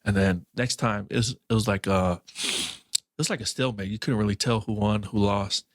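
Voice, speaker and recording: Low-voiced young man telling a story. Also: fairly even intonation, normal speed, fairly bright tone, no echo, studio quality. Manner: loose storytelling, full of "um" and "like", acting out quoted voices. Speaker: podcast host. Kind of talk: casual anecdote-telling.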